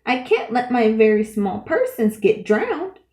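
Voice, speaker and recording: A woman's voice: a little high, very animated, unhurried, a little mellow. A woman voicing a kind, loyal male elephant who talks earnestly and pleads, read in a roomy room. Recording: roomy echo.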